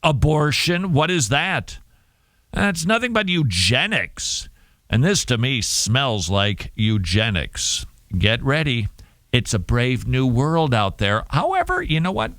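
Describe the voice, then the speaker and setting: A middle-aged male talk show host riffs on the day's stories in a loose, sarcastic commentary style. His pitch leaps around expressively as he jokes. The studio sound is dry and close. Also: slow, no echo. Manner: animated, sarcastic, jokey asides.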